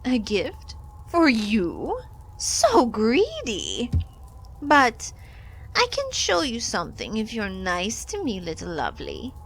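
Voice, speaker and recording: A greedy, gluttonous bug creature from a video game drawls each word slowly, purring and coaxing, as a woman puts her on. Her voice sits high and swoops widely up and down. A faint hiss of noise runs behind her. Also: huge pitch swings, gravelly, heavily acted, low-quality recording. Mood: wheedling. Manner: slow, sing-song, coaxing and purring. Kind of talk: reading game dialogue aloud in a voice.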